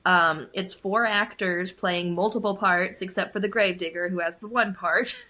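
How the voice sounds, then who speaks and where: A woman's voice: on the low side, steady tone, moderate pace, bright, forceful tone. A young adult woman co-hosting a film podcast, chatting casually and laughing often. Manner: giggly, chatty, lots of laughing. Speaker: podcast co-host.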